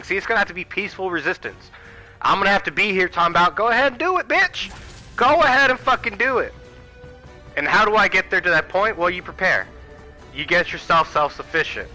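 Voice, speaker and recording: Guy ranting on his channel, real bright voice, a bit high, swears a lot, faint room hiss. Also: rough recording. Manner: emphatic, heated, swearing, addresses viewers as y'all. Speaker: channel host. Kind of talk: profane political rant to camera. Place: Arizona home.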